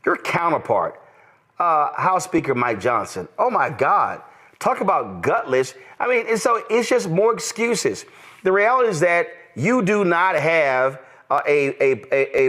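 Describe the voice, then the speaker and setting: A middle-aged man hosting a political talk show, indignant and emphatic, rising into exclamations. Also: on the high side. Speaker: show host. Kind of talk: political commentary.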